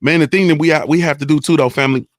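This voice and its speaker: A man's voice: a little high, steady tone, rapid-fire, dry recording, studio quality. A young adult man hosting a casual livestream, talking emphatically and repeating himself, often checking that viewers understand. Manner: emphatic, repetitive, profane, keeps asking "you understand". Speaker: livestream host reading chat.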